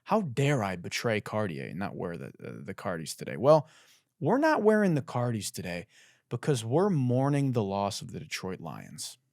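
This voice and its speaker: A man's voice: lowish voice, huge pitch swings, normal speed, gravelly, darkish tone, no room sound, studio quality. A young man hosting a podcast, delivering a profane, mock-dramatic comedic monologue full of boasting. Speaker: podcast host.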